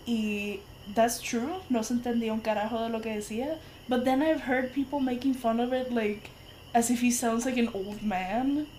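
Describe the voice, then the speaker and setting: Woman co-host, higher voice, loose bilingual chat, lively storyteller; faint noise in the room. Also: normal speed, low-quality recording. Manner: switches between English and Spanish mid-sentence; animated storyteller, laughs often. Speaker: podcast co-host. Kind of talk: casual chat.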